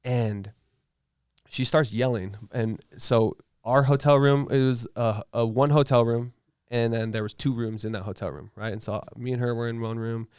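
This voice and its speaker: A man's voice: medium pitch, steady tone, moderate pace, darkish tone, clean tone, dry recording, clean studio sound. A man telling a personal story in casual podcast chat, blunt and laid-back, with lots of fillers and swearing. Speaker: tattoo artist guest.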